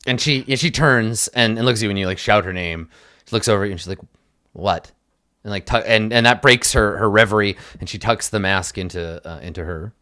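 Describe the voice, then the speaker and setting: A man's voice: fairly low pitch, fast talker, sharp tone, no room sound, clean studio sound. A man narrating as game master, describing events loosely with many fillers.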